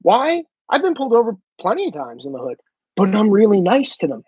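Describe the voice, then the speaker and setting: A man's voice: sits high, huge pitch swings, fairly quick, darkish tone, breathy edge, no room sound, highs cut off. A man in a blunt, profane ranting monologue, swearing heavily for emphasis. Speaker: commentator.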